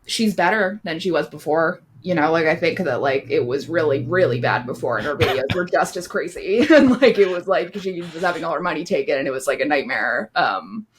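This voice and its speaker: A woman's voice: low-pitched, expressive, fairly quick, hardly any pauses, a little hiss or hum. A young woman co-hosting a podcast in casual chat, talking loosely with lots of fillers. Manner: chatty, many fillers and "like"s. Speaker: podcast co-host.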